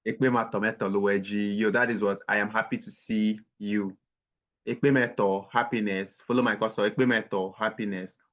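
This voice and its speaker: A man with a fairly low voice teaches a language class over a video call, patiently sounding out each word slowly and repeating it for the learners. The call audio is dull and lo-fi. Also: fairly even intonation, a bit bright. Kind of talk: online language lesson.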